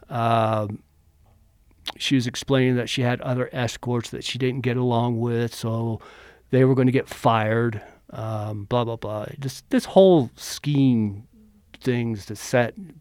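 A man's voice: medium pitch, a little slow, no echo, clean studio sound. A middle-aged man casually telling a story from his own life, acting out the quoted lines as he goes. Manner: animated, acts out quotes. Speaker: interviewee, former bodyguard.

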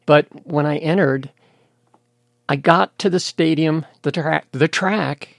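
An older American man, a guest in an interview, telling his story candidly and in a measured way. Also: fairly high pitch, vocal fry, no room sound, clean studio sound. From United States. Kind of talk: interview conversation.

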